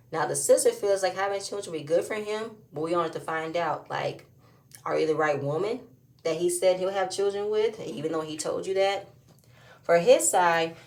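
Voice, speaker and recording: A woman with a slightly low voice talks through a reality show episode in a casual review. She is opinionated and often pushes into emphatic, louder stretches when she makes her point. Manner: opinionated, rising to emphatic outbursts. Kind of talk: casual recap commentary.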